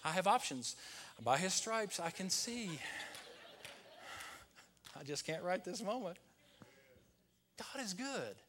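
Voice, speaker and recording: A pastor preaching a Sunday sermon, rising to loud peaks and dropping to hushed, whispered lines. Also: male voice, high voice, very animated, slow pace, long pauses.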